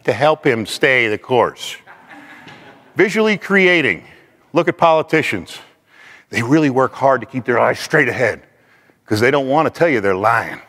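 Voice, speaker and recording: A man teaching a class in an animated way, acting out the people he quotes. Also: medium pitch, normal speed, long pauses. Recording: long hall reverb.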